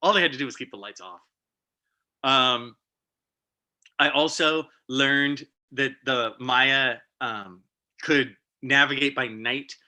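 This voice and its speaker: Brief: middle-aged male presenter, very bright voice, lively and emotional storyteller. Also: mid-range voice, slow pace. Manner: animated, emotional storyteller with vivid sound effects. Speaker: guest speaker.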